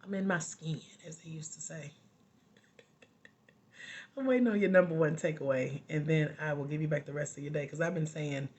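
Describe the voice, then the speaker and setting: A woman's voice: low-pitched, normal speed, long pauses. Chatty woman life coach at home. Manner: chatty and animated, often laughing. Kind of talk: casual live-stream chat with viewers.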